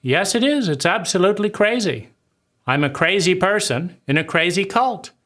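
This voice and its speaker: A man voicing an overwhelmed, hypocritical mother who is flustered, self-pitying and halting. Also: sits high, lively intonation, a bit bright, voice pushed up. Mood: defeated.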